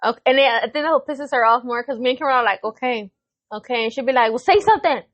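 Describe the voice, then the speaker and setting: A woman's voice: high-pitched, fairly even intonation, very fast, fairly bright tone, no room sound, dull audio. Laughing woman chiming in. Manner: laughs a lot, chimes in with quips and swearing. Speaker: podcast co-host. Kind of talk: casual chat.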